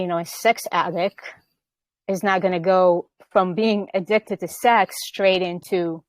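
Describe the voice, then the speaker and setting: Woman, podcast host, low voice, earnest and explanatory, dry close sound. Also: dry recording. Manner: earnest, explaining with frequent "right?" and restarts. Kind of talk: casual spiritual conversation.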